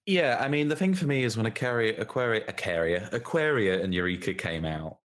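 A man chatting casually as co-host, reviewing a show with quick asides and laughs. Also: on the low side, lively intonation, a bit bright. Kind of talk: casual podcast chat.

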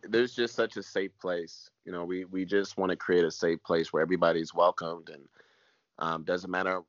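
A man with a very deep voice speaks as a pastor, earnest and repetitive, his words sometimes sinking to a near whisper. The sound is dry and close, with a dull, muffled quality. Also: little pitch movement, normal speed, no echo. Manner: earnest, repeats phrases, voice drops to near whisper at times. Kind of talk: emotional personal testimony.

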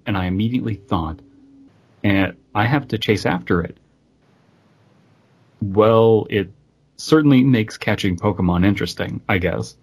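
A man's voice: low-pitched, husky. A man co-hosting a podcast, reading a story aloud with dry, critical asides. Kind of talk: casual reading and commentary.

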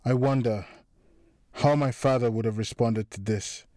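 Play an angry crime boss pushing his voice up and loud, biting sarcasm, as a man reading a story. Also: medium pitch, a little slow, no echo, clean studio sound, lightly acted. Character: furious male crime boss, middle-aged, suspicious.

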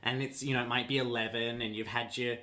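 A man's voice: medium pitch, quick pace. A man co-hosting a podcast in casual chat, telling stories and acting out little voices. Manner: lively storyteller who acts out voices. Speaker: podcast co-host.

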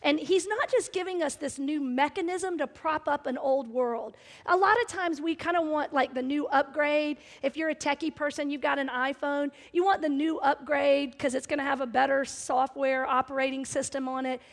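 A woman's voice: sits high, fairly even intonation, moderate pace, big-room sound. A middle-aged woman pastor preaching a sermon in a church, telling personal stories earnestly, with emphasis that builds.

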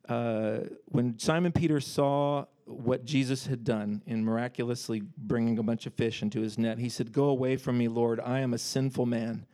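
Male preacher, mid pitch, casual and animated, reads verses then riffs on them. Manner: animated, conversational, breaks off to joke and paraphrase. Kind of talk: casual sermon with scripture reading.

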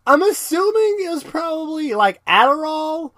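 A man's voice: very high voice, very animated, moderate pace, a bit bright, no echo, studio quality. A man co-hosting a podcast, chatting loosely about a cartoon episode, rambling and laughing often. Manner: rambling, laughs often, quotes characters in silly voices. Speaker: podcast co-host. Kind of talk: casual chat recapping a cartoon episode.

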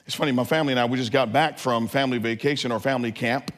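A man preaching as a pastor, telling a family story with lively asides to the congregation. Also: medium pitch, rapid-fire. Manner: animated, acts out family scenes. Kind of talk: sermon.

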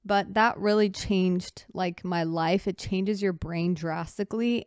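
A woman hosts her own podcast in an easy, candid chat, rambling and correcting herself as she goes. Her voice is smooth and clear, recorded close and dry with no room sound. She sits back on a couch, talking in a relaxed way. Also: on the low side, no room sound. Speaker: podcast host. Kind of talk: casual solo podcast chat. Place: indoors on a couch at night.

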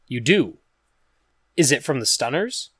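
A man voicing a caring, determined woman in a storybook reading who asks gentle questions and sometimes speaks in a hush. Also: medium pitch, big pitch swings, a little slow, breathy edge, dry recording, clean studio sound, heavily acted. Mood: gently probing. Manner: gentle questioning, hushed at times.

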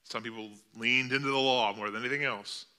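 Bright-voiced male preacher. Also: medium pitch, steady tone, a little fast, clear, resonant tone. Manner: storytelling with vivid, dramatic delivery. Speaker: pastor. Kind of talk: sermon. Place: church sanctuary.

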